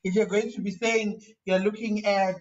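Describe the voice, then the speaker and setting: A male professor gives a relaxed lecture on writing. His voice sits high, and he often repeats himself and restarts his phrases as he talks. The sound is dull and lo-fi, and he is set back from the mic. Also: moderate pace. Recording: dull, distant lo-fi recording.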